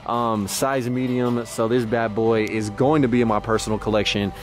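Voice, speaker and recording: A young man vlogging as he hunts for vintage clothes, joking around, reacting to finds with sudden excited exclamations. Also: mid-range voice, normal speed. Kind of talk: casual running commentary while thrifting.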